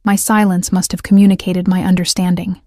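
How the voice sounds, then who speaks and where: A woman narrating a first-person romance audiobook in a measured, even way. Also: fairly low pitch, no echo, clean studio sound.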